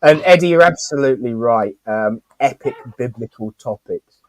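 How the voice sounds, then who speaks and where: A man's voice: medium pitch, animated, moderate pace, dry recording. A man hosting a casual live-stream chat, rambling and talkative with lots of fillers and restarts. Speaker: host.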